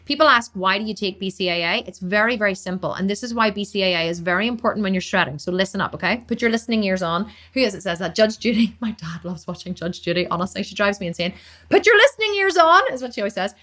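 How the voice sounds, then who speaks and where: A woman fitness coach answering viewer questions on a live stream, talking fast, blunt and emphatic. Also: mid-range voice, a bit bright.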